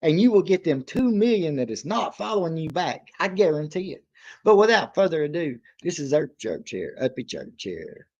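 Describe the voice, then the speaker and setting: Excitable slangy man on a lo-fi stream. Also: a little high, normal speed. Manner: excitable, slangy, talks straight to the artist. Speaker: music reaction streamer. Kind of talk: live reaction stream chat.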